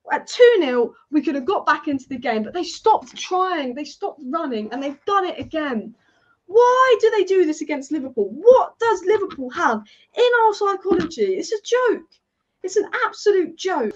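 A woman's voice: very high-pitched, very animated, normal speed. A woman, a football fan on a live watchalong, exasperated and asking why again and again. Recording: dull lo-fi stream audio.

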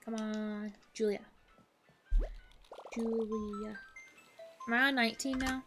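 A woman's voice: a little high, fairly even intonation, takes it slowly. A young woman hosting a casual let's-play, chatting and gushing with bubbly delight over a cozy game. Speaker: gaming channel host. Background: game music.

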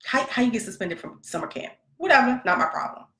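Woman host, 30s, animated storyteller, bright voice, echoey room. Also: on the high side, fast talker. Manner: animated, laughing, acts out quotes. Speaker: podcast host, mother. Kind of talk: casual storytelling monologue.

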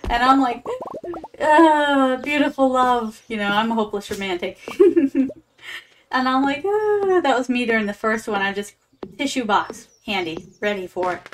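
Chatty higher-voiced woman streamer. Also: normal speed, a little hiss or hum. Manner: chatty, talks to chat as "my darlings"; drops in Japanese words. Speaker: VTuber streamer. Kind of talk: casual gameplay commentary.

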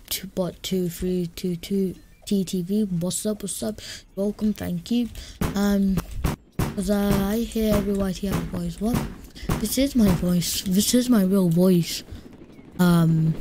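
Chatty woman streamer with background noise. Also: medium pitch. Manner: chatty, greets and thanks viewers, mutters "shoot" often. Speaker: game streamer. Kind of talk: casual live-stream chat. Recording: clear steady background noise.

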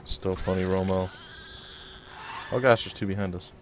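A man's voice: low-pitched, fairly even intonation, moderate pace, noisy background. A man hosting a let's play video, chatting casually and joking while he plays. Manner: joking, chatty, mumbles asides. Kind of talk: casual gameplay chat.

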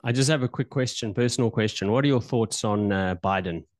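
A male podcast host improvises a role-play as a well-known politician, using his own lowish voice. He talks briskly but loosely, hesitating and repeating words, with no echo in the recording.

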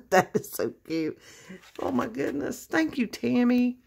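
A woman's voice: on the high side, big pitch swings, slow pace, gravelly, darkish tone, breathy edge. A woman chatting casually on her crafting vlog, gushing with effusive exclamations as she opens a gift. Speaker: crafting vlogger opening happy mail. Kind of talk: casual unboxing chat.

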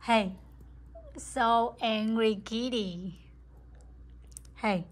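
A woman's voice: on the high side, drawn-out words. A woman at home, chatting and teasing about her pet cat. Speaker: cat owner. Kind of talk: casual home video chat.

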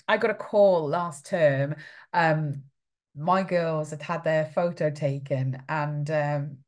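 A middle-aged Welsh woman chatting on a live stream, her voice sitting slightly low. She reads out viewers' comments and answers them in a sympathetic, conversational way, with plenty of ums along the way. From Wales. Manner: chatty and sympathetic, with frequent fillers. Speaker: host of a parent support livestream. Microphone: webcam or phone on a live stream.

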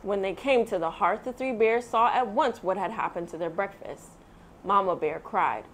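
A woman reading a children's picture book aloud, with expressive storytelling, then sharing her thoughts. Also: medium pitch, moderate pace, a little hiss or hum. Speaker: read-aloud host.

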